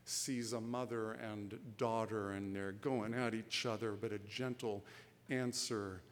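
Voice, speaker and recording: Slow, deliberate preacher in a reverberant hall. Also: male voice, lowish voice, steady tone, slight background noise. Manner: deliberate storytelling with acted quotes. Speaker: pastor. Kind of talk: sermon.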